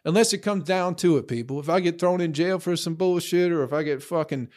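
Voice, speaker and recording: A man's voice: fairly high pitch, brisk, a little mellow. A man ranting to his social media followers in a heated, profane, rambling monologue.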